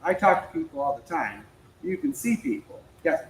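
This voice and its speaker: Lively storytelling man in an echoey room. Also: a little high, moderate pace. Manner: lively storytelling, acts out quoted dialogue, laughs often. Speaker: speaker at a local political club meeting. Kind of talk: storytelling talk to a small audience. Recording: echoey room with faint noise.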